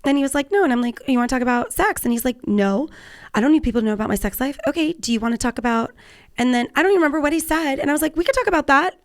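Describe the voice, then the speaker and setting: A chatty Californian woman in her forties hosts a podcast, talking freely with lots of laughter and casual swearing. Her voice sits a little high and carries a gravelly fry. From Southern California. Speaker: podcast host. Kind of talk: casual chat.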